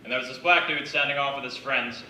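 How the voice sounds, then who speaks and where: A man from the Yukon doing a conversational, self-deprecating stand-up set on a theatre stage, slipping into quick acted quotes. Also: mid-range voice, steady tone, sharp tone, a little hiss or hum. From Yukon, Canada. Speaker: stand-up comedian. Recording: echoey theatre, mic at a distance.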